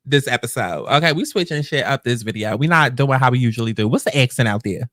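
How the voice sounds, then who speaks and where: A chatty woman hosting a reaction commentary, rambling from one thought to the next. Her pitch swings widely as she talks. The sound is dry and close on the mic. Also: expressive, brisk, few pauses, fairly bright tone, no room sound. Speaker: host. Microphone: close podcast mic.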